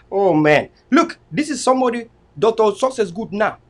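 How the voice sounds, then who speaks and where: A man's voice: sits high, sing-song, moderate pace. A man hosting political commentary, mocking and firing off rhetorical questions. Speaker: host.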